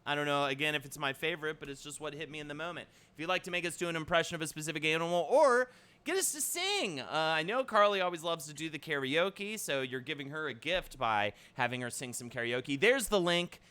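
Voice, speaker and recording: A man co-hosting a live comedy stream, bantering casually with a deadpan, mock-outraged humor. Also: a little high, a little fast, clear, resonant tone.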